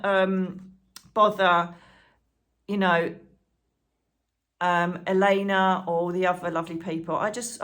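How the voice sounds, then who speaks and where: A woman chatting to camera as a channel host, excitable and rambling, full of asides and fillers. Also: mid-range voice. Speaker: psychic medium and channel host. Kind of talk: casual chat to camera.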